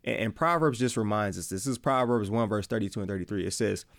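A man with a Midwestern accent hosting a casual faith podcast, talking excitably in slang and repeating his phrases. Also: lowish voice, quick pace, no room sound, clean studio sound. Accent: Midwestern American. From American Midwest. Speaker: podcast host.

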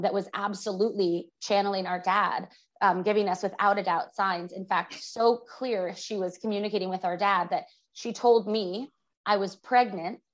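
A woman's voice: medium pitch, highs cut off. A woman guest on an interview podcast, vividly retelling a personal story with lots of fillers.

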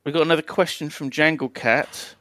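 A man's voice: on the high side, fairly even intonation, fairly quick, bright, forceful tone, dry recording. A man co-hosting a podcast in casual chat, crude and joking, reading out donation messages. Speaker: podcast co-host.

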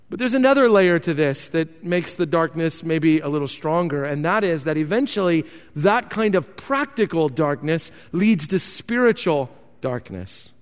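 A man preaching a sermon as pastor, earnest and emphatic, often repeating words. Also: high voice. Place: church sanctuary. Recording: long hall reverb.

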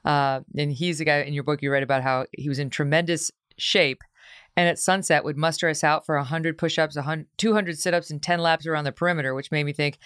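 A woman host speaks smoothly and clearly, asking articulate questions in a conversational interview. Her voice is recorded close and dry, with no room around it. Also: low-pitched, fairly even intonation, a little fast, fairly bright tone, dry recording.

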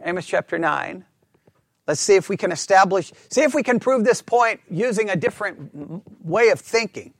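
Guy teaching bible class, pretty high voice, keeps asking "agreed?", dry close sound. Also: lively intonation, normal speed, vocal fry, no room sound. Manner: checks in with listeners often, asking for agreement; talks through ideas out loud with restarts.

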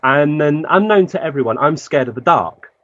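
A man's voice: on the high side, expressive, normal speed, a bit bright, dry recording. A man telling a personal story as a guest, acting out the lines of people he quotes. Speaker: guest medium. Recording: dull lo-fi dry recording.

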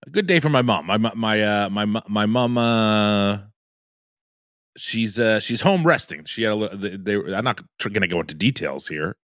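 A man's voice: lowish voice, expressive, normal speed, fairly bright tone, no room sound, studio quality. A man co-hosting a podcast in casual chat, rambling with stumbling restarts and joking asides. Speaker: podcast co-host.

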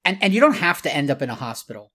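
With a slightly high, bright, pushed voice full of big pitch swings, this man talks rapid-fire as a podcast co-host. In casual discussion he recounts a video clip in detail, explains it, and sometimes laughs at himself.

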